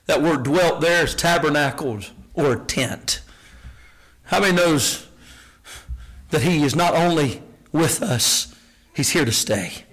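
Guy preaching a sermon, high bright voice, gets loud and fired up then goes real quiet. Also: expressive, slow, long pauses, slightly rough, low-quality recording. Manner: impassioned, rises to shouted peaks, then drops low and hushed.

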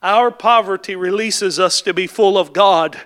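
A man preaching with a very high, bright, forceful voice. He climbs through repeated lines into full shouts, then sinks to a hushed tone and asks the congregation questions. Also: a little slow. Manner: builds to impassioned shouted climaxes, then drops to quiet; rhetorical questions and repeated refrains. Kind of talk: sermon.

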